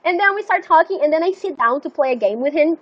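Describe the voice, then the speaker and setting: Young female streamer, high voice, chatty and rambling, swears freely, slightly muffled audio. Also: fast. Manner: rambling and animated, full of "like" and swearing. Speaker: live streamer. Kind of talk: casual storytelling chat.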